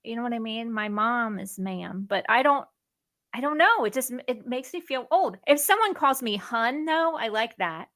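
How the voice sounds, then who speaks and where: A woman in her thirties chats in an animated way and reads out the next question. Her voice is fairly high and bright. She comes across as a lively co-host. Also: moderate pace. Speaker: podcast co-host. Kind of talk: casual chat.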